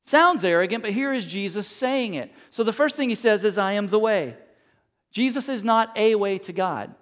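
A man's voice: high voice, lively intonation, normal speed, a bit bright. A middle-aged man preaching a sermon, asking rhetorical questions and acting out quotes. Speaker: pastor.

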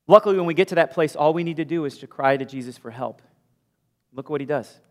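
A male pastor preaching a sermon with animated storytelling, moving from loud bursts to hushed asides. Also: fairly high pitch, quick pace. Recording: long hall reverb.

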